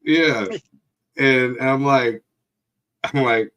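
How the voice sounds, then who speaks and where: A man's voice: fairly low pitch, a little slow, slight background noise. A man telling crude stories in a casual chat, swearing often and laughing. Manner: profane, laughing storyteller.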